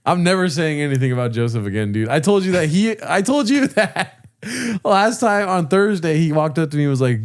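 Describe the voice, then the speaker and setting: A man's voice: a little high, very animated, fairly quick, no room sound, clean studio sound. A young man co-hosting a podcast, telling casual stories and laughing often. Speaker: podcast co-host. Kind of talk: casual comedic chat.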